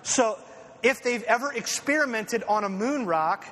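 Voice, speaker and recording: A man preaching a conversational sermon, an animated, self-deprecating storyteller who leans on fillers and asides. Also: very high voice, measured pace. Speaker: pastor. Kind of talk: conversational sermon with personal stories. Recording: echoey hall with faint ambient noise.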